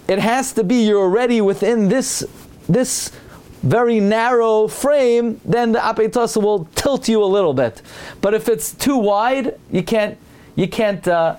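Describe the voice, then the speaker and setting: A man's voice: high voice, moderate pace. A man giving a Torah class, reading Hebrew lines and explaining them in English, sometimes acting out a sneering tone for an example. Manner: animated, mimics a sneering tone for examples. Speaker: Torah teacher. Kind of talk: lecture reading a Hebrew text and translating.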